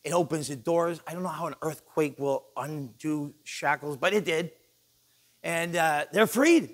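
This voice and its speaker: A male pastor preaching a sermon in a church, animated and joking, acting out the people he quotes. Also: fairly high pitch, a little slow.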